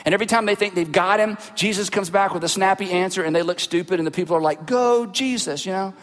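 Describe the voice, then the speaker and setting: A man delivers a sermon in an animated preaching style, putting rhetorical questions to his listeners. His voice sits high for a man. The sound carries a long hall reverb, as in a large church. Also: quick pace. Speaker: pastor.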